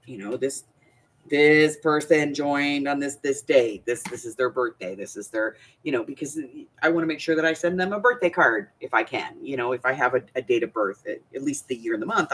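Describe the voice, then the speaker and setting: A woman's voice: deep voice, breathy edge. A woman hosting a crafting channel, chatting casually and rambling, with frequent restarts and laughter. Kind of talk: casual chat.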